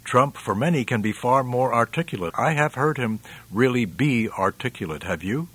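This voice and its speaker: A man hosting a commentary program, reading out listener replies in a measured, emphatic way and chuckling often. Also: mid-range voice, animated, a bit bright, husky. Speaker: radio commentary host.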